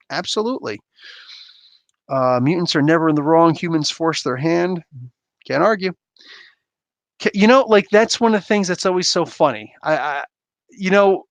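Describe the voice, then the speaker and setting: A man's voice: on the high side, a bit bright, dry recording. A man hosting a comic book podcast, chatting casually and animatedly with rambling asides and laughs. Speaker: podcast host. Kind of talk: casual chat answering viewer questions.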